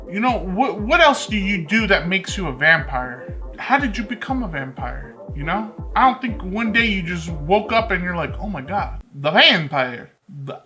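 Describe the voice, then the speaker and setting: A young man with a bright, forceful voice riffs through a casual reaction commentary. He rambles, restarts and jokes directly to his audience. Soft music plays faintly underneath. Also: high-pitched. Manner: joking, rambling, talks straight to viewers. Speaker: reaction video host. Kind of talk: casual commentary reacting to a reality show clip.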